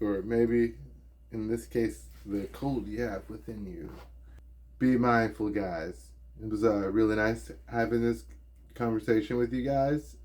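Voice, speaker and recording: A man's voice: on the low side, darkish tone. A man from the United States in a casual vlog monologue, hesitant with a slightly slurred, lazy-lipped way of talking, in his home studio. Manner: hesitant, lots of ums and likes. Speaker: YouTuber.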